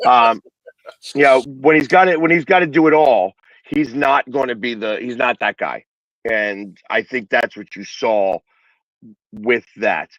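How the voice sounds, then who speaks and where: A man's voice: medium pitch, a little slow, a bit bright, dry recording, dull audio. A man with a Philadelphia accent hosting a casual sports talk show, rambling with many restarts and fillers.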